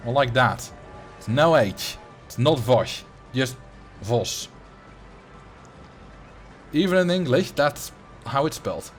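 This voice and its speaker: A man's voice: mid-range voice, animated, normal speed, faint music behind. Man in his late twenties telling rambling anecdotes. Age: late 20s. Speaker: livestream host. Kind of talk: casual livestream chat.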